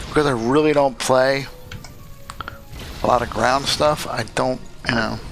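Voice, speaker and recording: A man's voice: mid-range voice, fairly even intonation, a little slow, creaky, fairly bright tone. Chatty man streaming a game. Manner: rambling, chatty, jokey asides. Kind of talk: casual let's-play commentary. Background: game music.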